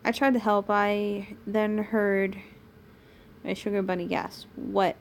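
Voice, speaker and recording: Slow, sarcastic British young woman. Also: mid-range voice, flat delivery, slight background noise. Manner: stumbling reading with sarcastic asides. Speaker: streamer reading fanfiction. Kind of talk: reading fanfiction aloud on a stream.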